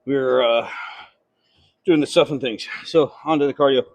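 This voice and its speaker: A man's voice: medium pitch, moderate pace, dry recording. A man vlogging from a treadmill after a workout, out of breath, talking in a rambling, profane, casual way into a phone held close. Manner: rambling, profane, self-deprecating. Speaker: fitness vlogger. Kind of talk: casual vlog chat. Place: gym, on an incline treadmill.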